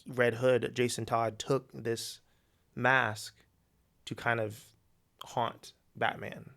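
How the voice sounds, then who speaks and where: A man co-hosting a podcast, spinning a story in casual chat with slangy, animated delivery. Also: medium pitch. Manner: animated, slangy storytelling with quick acted quotes. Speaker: podcast co-host.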